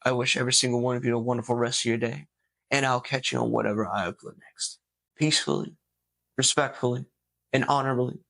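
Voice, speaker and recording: Upbeat guy rambling thru his vlog recap, mid pitch, dry close sound. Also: steady tone, fast talker, gravelly, a bit bright, dry recording. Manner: upbeat, chatty, lots of fillers and restarts. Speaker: vlogger. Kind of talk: casual weight loss vlog recap.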